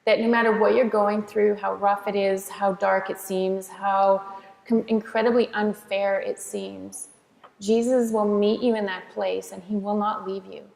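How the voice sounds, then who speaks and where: Gravelly-voiced woman testifying in an echoing hall. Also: mid-range voice, flat delivery, a little slow, darkish tone. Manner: earnest, emphatic, frequent restarts. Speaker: author and interview guest. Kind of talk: heartfelt faith testimony in conversation. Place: church. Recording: echoey hall reverb.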